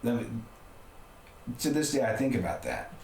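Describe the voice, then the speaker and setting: A man's voice: mid-range voice, sing-song, a little slow, creaky, darkish tone. A middle-aged man, a podcast guest, telling a personal story in a candid, conversational way with frequent restarts. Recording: roomy room with faint background noise.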